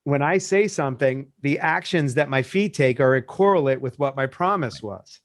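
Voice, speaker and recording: A man's voice: mid-range voice, moderate pace, no room sound, clean studio sound. A man who coaches businesses, telling a story in casual podcast talk and acting out the people he quotes. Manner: animated storyteller, acts out quoted voices.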